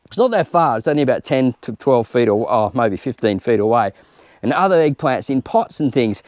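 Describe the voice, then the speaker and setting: A man with an Australian accent talks through a gardening job in an informal, chatty way, as if explaining to a friend while he works. His voice sits at an ordinary middle pitch. The sound is dry and close, with little room echo. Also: lively intonation, a little fast, a little mellow. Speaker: home gardener host. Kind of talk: casual gardening tutorial. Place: outdoor home garden.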